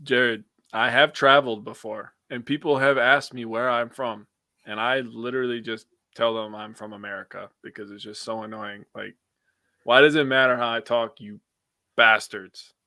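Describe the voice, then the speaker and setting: A young man with a Wisconsin accent co-hosts a loose sports podcast, blunt and opinionated, and he swears offhandedly. His voice is bright and edged, recorded close and dry, with no room sound around it. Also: mid-range voice, steady tone, moderate pace, no echo. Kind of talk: casual sports chat.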